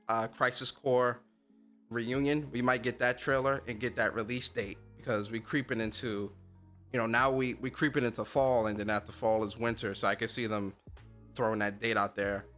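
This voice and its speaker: A man's voice: mid-range voice, a bit bright. A man hosting a casual gaming livestream, speaking in loose slang and getting fired up as he talks straight to his chat. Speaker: gaming streamer and podcast host.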